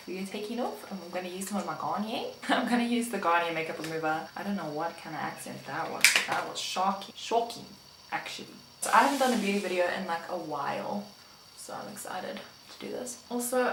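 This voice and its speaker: A young woman from South Africa chats her way through a makeup tutorial, playful and joking with herself. Her voice sits in a roomy, echoey space with a faint hiss of background noise. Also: mid-range voice. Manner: chatty and playful, talks to herself and the viewers. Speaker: beauty vlogger. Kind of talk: casual makeup tutorial chat.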